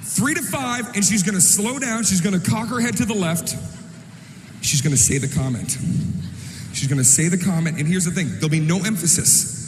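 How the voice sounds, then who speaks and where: Loud animated stand-up comic in an echoey hall. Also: male voice, high-pitched, normal speed. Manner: loud, animated, shouting punchlines. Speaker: stand-up comedian. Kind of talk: stand-up comedy routine. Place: large comedy venue on stage. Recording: live stand-up clip, echoey hall, audience noise.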